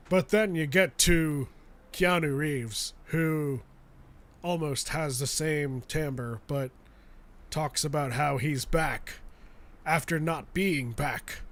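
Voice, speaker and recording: A man co-hosting a live show in casual chat, jokey and quick to laugh, trailing off and restarting. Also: a little high, huge pitch swings, a bit bright. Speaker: podcast co-host.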